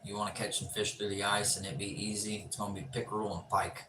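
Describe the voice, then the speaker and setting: A man's voice: fairly low pitch, little pitch movement, fast talker. A man hosting a casual live stream, chatting with viewers in a joking, laid-back way and swearing freely. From Pennsylvania. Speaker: livestream host. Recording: roomy echo, distant mic, ambient noise.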